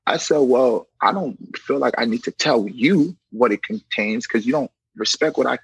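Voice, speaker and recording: A man's voice: mid-range voice, normal speed, gravelly, husky, no echo, dull audio. A young man, a correctional officer, telling a personal story casually and acting out what others said. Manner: animated, acts out quoted dialogue; conversational, frequent "you know".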